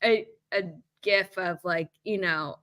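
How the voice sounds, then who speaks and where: A woman guest on a livestream talks in a bright, crisp voice, full of "like" fillers as she tells a story. Her pitch sits in the middle. The sound is dry and close. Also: takes it slowly, dry recording. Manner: chatty storyteller, many "like" fillers. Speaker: guest author. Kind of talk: casual livestream chat.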